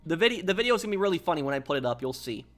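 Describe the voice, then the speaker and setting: A man's voice: fairly high pitch, a bit bright. A man streaming a game and chatting casually with his viewers, rambling and repeating himself as he tells a story. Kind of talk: casual live-stream chat while gaming.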